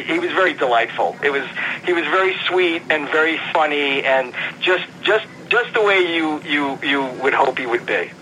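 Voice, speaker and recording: Animated man telling a story. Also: a little high, slight background noise, low-quality recording. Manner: animated, self-interrupting anecdote teller. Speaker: guest, comic book writer. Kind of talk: casual interview storytelling.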